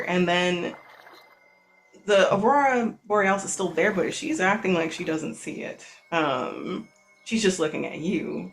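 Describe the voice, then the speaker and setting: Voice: mid-range voice, measured pace, a bit bright. A game master narrates a tabletop game in a loose, rambling style, full of fillers and restarts. Faint music runs underneath.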